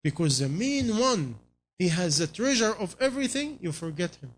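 Phrasing things in non-native English, a preacher pushes his audience with repeated rhetorical questions. His high voice swings widely in pitch at a moderate pace.

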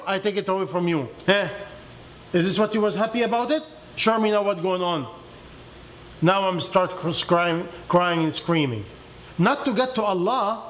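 A man preaching a sermon in non-native English with simplified grammar, swinging emphatically between high and low. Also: a bit bright. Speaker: religious teacher.

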